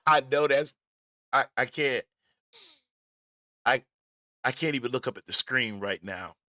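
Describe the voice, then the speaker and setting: A man hosting a casual commentary livestream, talking in an animated, emphatic way with frequent stammers and restarts. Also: medium pitch, unhurried, no echo, studio quality. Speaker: host.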